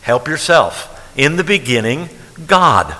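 Bright-voiced preacher in an echoey hall. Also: male voice, on the high side, big pitch swings, measured pace. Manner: conversational preaching, repeating phrases for emphasis. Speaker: pastor. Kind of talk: sermon.

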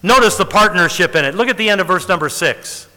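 A man delivering a sermon in a high, bright voice. He stretches out important words and falls to near-whispers for effect. The sound rings with the long reverb of a large hall. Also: animated. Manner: dramatic preaching with slow stressed words. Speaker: preacher.

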